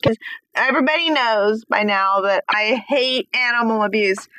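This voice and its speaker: A chatty, giggly woman hosting a casual radio interview. Her voice is high and bright, with a tense, forward edge. The sound is close and dry, with no room around it. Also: normal speed, no echo, rough recording. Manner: chatty and giggly, animated about her dogs.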